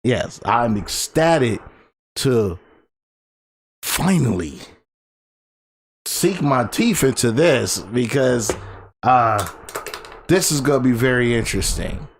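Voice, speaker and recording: A man in his thirties co-hosting a podcast, telling stories in a rambling, animated way and laughing often. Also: mid-range voice, slow, long pauses. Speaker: podcast co-host. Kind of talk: casual storytelling chat. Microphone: desk microphone.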